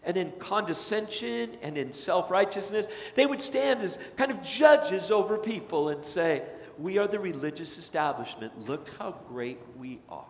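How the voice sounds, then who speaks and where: A man preaching a sermon as pastor, dramatic, acting out quoted voices and swinging between loud and soft. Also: high-pitched, expressive, moderate pace, slight background noise. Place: church sanctuary. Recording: echoey hall with long reverb.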